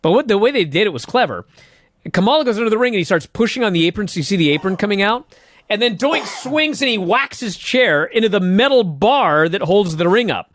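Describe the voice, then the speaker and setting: A man's voice: sits high, lively intonation, fairly quick, fairly bright tone, dry recording. A man co-hosting a casual podcast, animatedly retelling events with laughs and the odd swear. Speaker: podcast co-host. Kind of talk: casual chat recapping wrestling.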